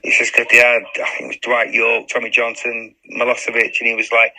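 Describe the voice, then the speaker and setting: A man in his fifties, a former footballer and interview guest, telling a story in lively chat, acting out quotes and swearing freely. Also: medium pitch, brisk, low-quality recording.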